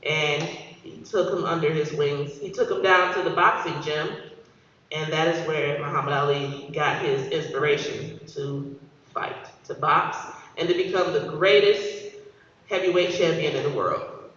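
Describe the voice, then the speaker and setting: A woman's voice: deep voice, fairly even intonation, a little slow, a bit bright. A woman in her thirties from Michigan, a guest speaker giving a graduation speech, telling a story and calling out to the audience. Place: large hall. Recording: echoey hall from far, dull.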